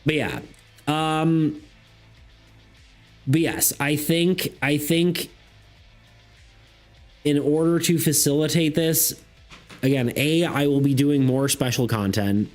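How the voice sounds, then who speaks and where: A man's voice: on the high side, slow, pauses often, a little mellow, faint music behind. A man streaming, chatting casually and reading chat messages aloud, full of fillers and restarts.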